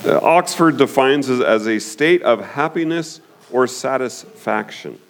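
Man teaching a Bible study, lively pitch. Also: unhurried, a little hiss or hum. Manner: conversational, frequent "okay?" check-ins.

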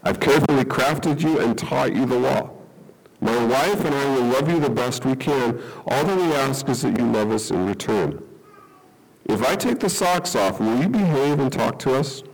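A man's voice: medium pitch, expressive, moderate pace, slight background noise, lightly acted, rough recording. A man voicing an old rabbi, a loving father who speaks in an earnest, pleading way.

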